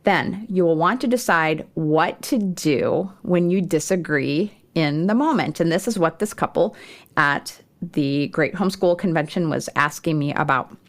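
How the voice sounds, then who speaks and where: A middle-aged woman with a low-pitched voice hosts a homeschooling podcast. She talks in a relaxed, conversational way, with small restarts and fillers as she explains. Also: a little slow. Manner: warm, conversational, with occasional laughs and fillers. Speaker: podcast host. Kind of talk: homeschool parenting advice podcast.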